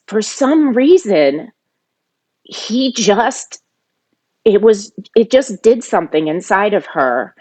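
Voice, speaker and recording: A middle-aged woman telling a personal family story, animated when she acts out arguments. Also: mid-range voice. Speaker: podcast guest.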